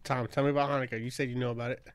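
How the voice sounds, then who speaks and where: A man's voice: mid-range voice, level tone, rapid-fire, slight background noise. A man co-hosting a casual podcast chat, teasing and goading the others with jokes. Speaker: podcast co-host.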